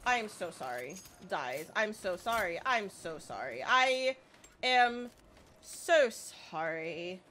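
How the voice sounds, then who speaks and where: A woman doing let's play commentary, excitable, panicking and swearing, often repeating herself. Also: a little high, a little hiss or hum. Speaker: gaming YouTuber.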